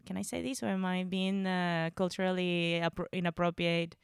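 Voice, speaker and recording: A woman's voice: fairly low pitch, fairly even intonation, creaky, clear, resonant tone, dry recording, clean studio sound. A woman co-hosting a comedy podcast, chatting casually and laughing easily. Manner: chatty, giggly, quick to laugh.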